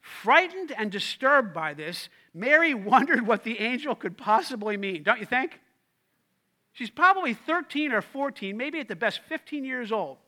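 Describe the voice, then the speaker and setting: A man preaching a sermon to his congregation with a high voice. His tone is bright and ringing. He presses his key lines by repeating them and calls on the listeners to speak back to him. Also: expressive, normal speed. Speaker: pastor.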